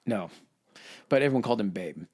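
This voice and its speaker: A man's voice: fairly low pitch, expressive, brisk, a little mellow. A man casually retelling war history on a podcast, swearing and acting out quotes in voices. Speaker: podcast host.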